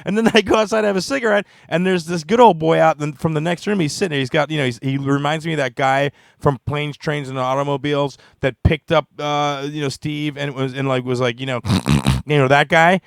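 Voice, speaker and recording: A man's voice: on the high side, fairly quick, creaky, hardly any pauses, no echo, studio quality. A man co-hosting a casual comedy podcast, telling rambling stories and laughing often. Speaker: co-host.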